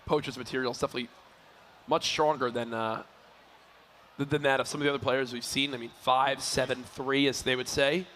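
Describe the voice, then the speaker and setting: A man doing lively play-by-play commentary for an esports tournament, playful and quick to joke. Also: mid-range voice, slight background noise. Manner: energetic, playful, counts and jokes on air. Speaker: esports caster.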